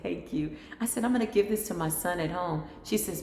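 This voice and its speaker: A woman's voice: on the low side, a little fast, hardly any pauses, a little mellow, roomy sound, in a large hall, a little hiss or hum. A middle-aged woman hosting her own spiritual channel, chatting casually and animatedly, acting out the voices in her stories. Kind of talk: casual storytelling monologue.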